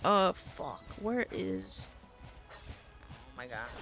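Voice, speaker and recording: A woman streaming a video game live, excitable and quick to swear, jumping from yelps to low muttering as she plays and thanks her chat. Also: vocal fry, faint music behind.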